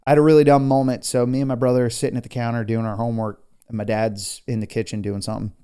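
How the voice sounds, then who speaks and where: A man's voice: mid-range voice, flat delivery, very fast, mellow, smooth. A man co-hosting a casual podcast, telling stories in a laid-back way and saying "dude" and "man" often. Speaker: podcast co-host.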